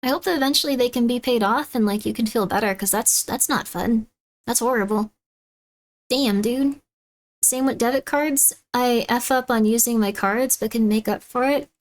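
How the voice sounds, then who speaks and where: A woman live-streaming, chatting casually with her audience and reacting to videos. She is animated and laughs often. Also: moderate pace. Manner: chatty and animated, laughs often, loud shrill bits when mocking someone.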